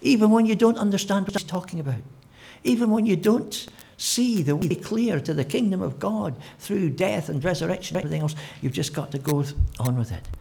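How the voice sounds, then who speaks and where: A man preaching a sermon, telling the story with animated delivery and acting out quotes in different voices. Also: sits high, brisk, gravelly, few pauses.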